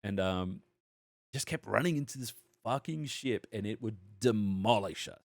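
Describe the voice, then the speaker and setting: A man's voice: lowish voice, moderate pace, vocal fry, no room sound, studio quality. Swearing Australian man telling stories. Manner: rambling anecdote, heavy swearing, animated retelling. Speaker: podcast co-host. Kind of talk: casual chat, storytelling.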